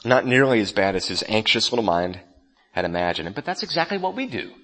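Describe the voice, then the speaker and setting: A man's voice: lowish voice, very animated, fairly quick, bright, forceful tone. A man preaching a sermon as a pastor, telling a story in a conversational way and speaking straight to his listeners. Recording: long reverb of a large hall.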